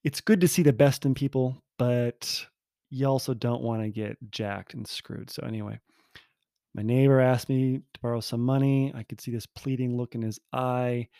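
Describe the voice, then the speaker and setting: A man's voice: medium pitch, fairly even intonation, normal speed, creaky, dark tone, no room sound, clean studio sound. A man telling a personal story in a casual monologue, rambling and self-interrupting, candid and poking fun at himself.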